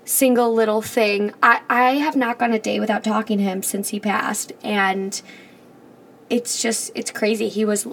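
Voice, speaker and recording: A young woman co-hosting a podcast in casual chat, speaking hesitantly with many pauses and restarts. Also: medium pitch, steady tone, fairly bright tone, slight background noise. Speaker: podcast co-host.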